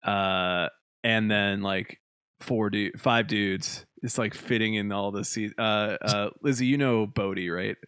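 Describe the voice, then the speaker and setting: A man's voice: on the low side, fairly even intonation, unhurried, fairly bright tone, clear, resonant tone, no room sound, clean studio sound. Swearing young man telling road stories. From Youngstown, Ohio. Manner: swears freely, laughs through his stories, lots of likes and restarts. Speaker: touring band member, guest. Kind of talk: casual storytelling on a streamed chat.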